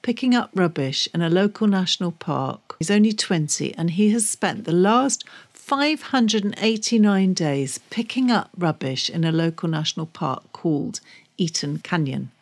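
A woman's voice: lowish voice, expressive, normal speed. Enthusiastic woman co-host telling news stories. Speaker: podcast co-host. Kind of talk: casual radio-style chat.

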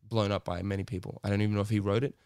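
A man's voice: lowish voice, racing, smooth, no room sound, studio quality. A man hosting a podcast over a video call, chatting casually, swearing and laughing a lot. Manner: profane, animated, laughing often. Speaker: podcast co-host. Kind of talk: casual chat, joke telling.

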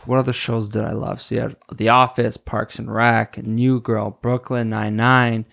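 A man's voice: mid-range voice, little pitch movement, moderate pace, vocal fry, fairly bright tone. A man hosting a solo podcast, rambling casually, laughing often and stopping to search for names. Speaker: podcast host.

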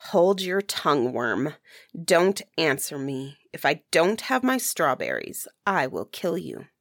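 A woman's voice: low voice, big pitch swings, takes it slowly, no echo, studio quality, exaggerated voice. A woman playing a cruel bossy stepsister. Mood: scolding. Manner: sharp, bossy and scolding. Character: spoiled cruel young woman, harsh stepsister.

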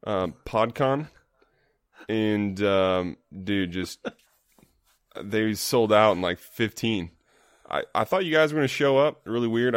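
Deadpan man on a podcast, low voice. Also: clear, resonant tone, no echo, studio quality. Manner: deadpan, plays along with jokes. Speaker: podcast co-host. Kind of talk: casual comedic podcast chat.

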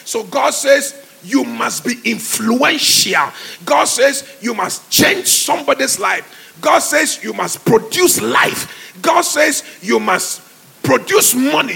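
Male pastor, high gravelly preaching voice, forceful, call-and-response sermon, faint music behind. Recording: live church sermon with music underneath.

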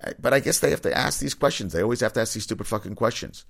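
A man's voice: on the low side, expressive, rapid-fire, vocal fry, fairly bright tone. A man hosting a casual opinion commentary, blunt and rambling, swearing freely. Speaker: commentary host.

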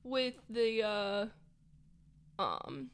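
Chatty young woman podcaster, slightly high. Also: big pitch swings, drawn-out words. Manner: chatty, giggly, trails off mid-sentence. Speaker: podcast co-host. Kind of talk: casual chat.

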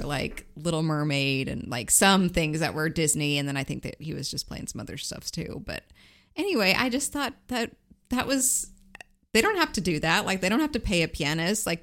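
A woman co-hosting a podcast in casual chat, giggly and quick to chime in. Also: low-pitched, fairly bright tone. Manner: giggly, interjects often. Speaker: podcast co-host.

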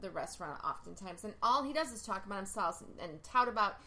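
A woman's voice: medium pitch, lively intonation, fast talker, sharp tone. A woman hosting a podcast, chatting casually in a blunt, emphatic way and swearing freely. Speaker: podcast host; life coach.

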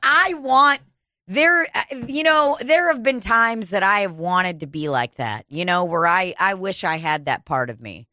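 Woman rambling slow in a casual chat, crude jokes, bright voice, super dry mic. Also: mid-range voice, expressive, dry recording. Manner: rambling, joking and crude, laughs often.

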